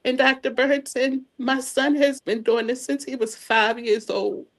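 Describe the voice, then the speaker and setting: A middle-aged woman guest telling her family story in a heartfelt, animated way. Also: high-pitched, measured pace. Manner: animated, heartfelt, acts out dialogue. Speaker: interview guest. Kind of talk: emotional personal storytelling.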